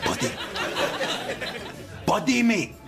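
A man playing a loud, mocking Scottish "real guy" who rants about how people talk, with a Scottish accent. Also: high voice, big pitch swings, slow, creaky, some chatter behind, heavily acted. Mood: ranting. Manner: mocking, ranting, mimics pronunciations. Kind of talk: sketch comedy acting.

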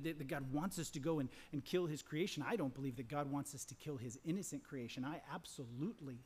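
A middle-aged man preaching a sermon as pastor, impassioned, repeating phrases, swinging from loud emphasis to hushed whispers. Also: mid-range voice, breathy edge. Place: large church sanctuary. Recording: long church reverb.

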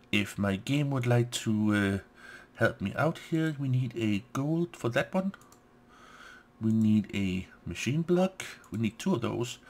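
A man's voice: medium pitch, animated, unhurried. A man hosting a let's play, talking himself through crafting steps and muttering "yes, yes" to himself. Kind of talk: gameplay commentary.

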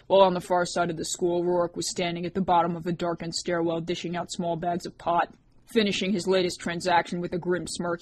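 Lady reading an audiobook, lowish voice, does all the character voices. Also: a little mellow, a little hiss or hum. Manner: reads characters with distinct voices. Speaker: audiobook narrator. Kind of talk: audiobook narration.

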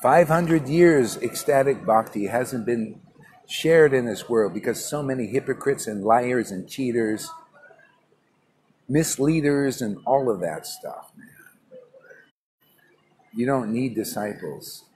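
A man with a medium-pitched, animated, slightly mellow voice speaks slowly with long pauses, and there's a little hiss or hum. He teaches an informal morning spiritual class in a public place, scolding his listener brashly in colloquial speech and calling him "man" over and over.

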